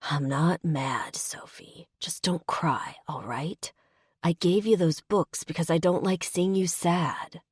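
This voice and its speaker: A woman doing a slow, hushed alien man. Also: fairly even intonation, breathy edge, no echo, studio quality. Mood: soothing. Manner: slow, low and hushed, at times whispered. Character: gruff alien man, stilted, awkwardly gentle. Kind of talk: audiobook character voice.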